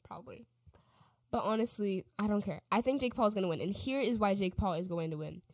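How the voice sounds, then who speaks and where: A woman's voice: mid-range voice, brisk, dry recording. Rambling teen girl podcaster, dry sound. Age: teens. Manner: rambling, self-correcting, trails off. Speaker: podcast host. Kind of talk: casual rambling commentary.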